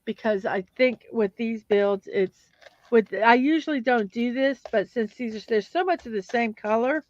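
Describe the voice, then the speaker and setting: A woman's voice: fairly high pitch, normal speed, lo-fi sound. A woman hosting a livestream, chatting casually and rambling with fillers and restarts while she builds blocks.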